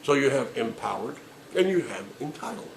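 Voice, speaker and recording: A man's voice: mid-range voice, big pitch swings, moderate pace, creaky, echoey room, slight background noise, low-quality recording. A man delivering a sarcastic, profane comedic rant with emphatic delivery.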